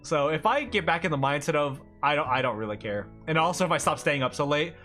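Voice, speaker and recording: A man's voice: fairly high pitch, lively intonation, fast talker, sharp tone, faint music behind. A man chatting casually on a livestream as a streamer, rambling and talking a lot, often laughing between thoughts.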